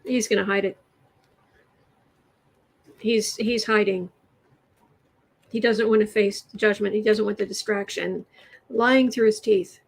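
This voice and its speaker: A woman hosts a political tarot livestream, talking casually and sarcastically, laughing often, and speaking haltingly as she restarts her sentences. Her voice is medium-pitched, steady, creaky, and husky, and the audio is poor.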